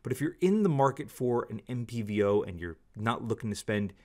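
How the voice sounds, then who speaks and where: A man's voice: medium pitch, animated, fairly quick, a little mellow. A man giving a candid, opinionated product review, talking casually and repeating stock phrases. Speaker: scope reviewer.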